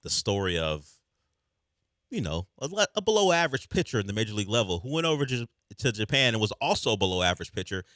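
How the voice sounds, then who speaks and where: A man's voice: fairly low pitch, sing-song, fast talker, a bit bright, no echo, studio quality. A man hosting a sports radio show, talking casually and rambling with restarts. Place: radio studio.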